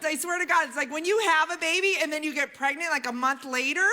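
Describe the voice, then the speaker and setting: Woman comedian, stand-up set, high pitch, bright sharp tone, faint room noise. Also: quick pace. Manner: chatty and animated, many "right?" tags. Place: comedy club stage with a live audience.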